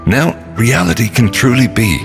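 A low-voiced man reads a spoof corporate ad with a deadpan, earnest delivery. His pitch swings widely, and music runs underneath. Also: normal speed. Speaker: company spokesman in a parody ad.

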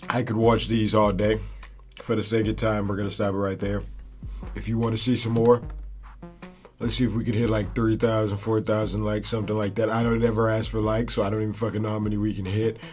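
A man's voice: fairly low pitch, flat delivery, brisk, darkish tone, faint music behind. A man hosting a reaction video, talking casually and profanely to his viewers. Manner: laid-back, profane, chatty.

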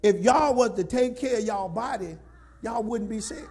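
High-voiced preaching man. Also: moderate pace. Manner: repetitive, scolding preaching to the congregation, at times shouting. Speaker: pastor. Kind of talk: sermon.

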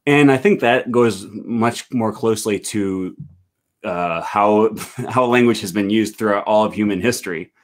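A man's voice: on the low side, unhurried. A male host of a live stream, rambling with many fillers as he reads viewer comments aloud on a video call.

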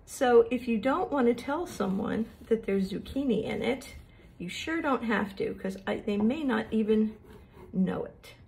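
A woman's voice: a little high, expressive, measured pace, vocal fry, a little mellow. A middle-aged woman, chatting homey and friendly to viewers as she shows a recipe in her kitchen. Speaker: cooking show host. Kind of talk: casual cooking demonstration. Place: home kitchen.

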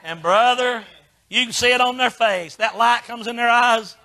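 An older man preaching a folksy Baptist sermon in short punchy lines that swing from quiet asides to shouting. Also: very high voice, fairly even intonation, normal speed. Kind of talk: fiery sermon.

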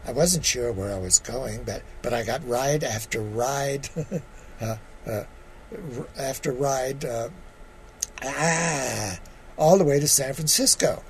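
A man's voice: medium pitch, slow pace, slight background noise, rough recording. A man in his eighties, originally from California, who answers interview questions and reads his memoir aloud, often repeating words and hesitating. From California, USA. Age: 80s. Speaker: guest playwright.

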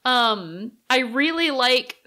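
A woman co-hosting a casual podcast chat, thoughtful and quick to chime in with agreement or a quip. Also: sits high, lively intonation, pushed and bright. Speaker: podcast co-host.

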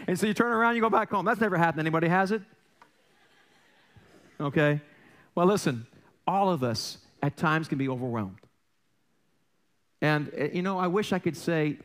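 A middle-aged pastor talks fast in a high-pitched, fairly bright voice while giving an informal sermon in the church sanctuary. He keeps it conversational and funny, making fun of himself, restarting often and asking the congregation rhetorical questions.

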